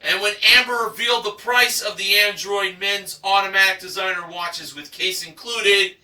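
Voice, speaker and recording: A man's voice: high voice, steady tone, normal speed, pushed and bright, roomy sound, far from the mic, poor audio. A man recapping a game show episode in enthusiastic narration, stretching out dramatic price reveals.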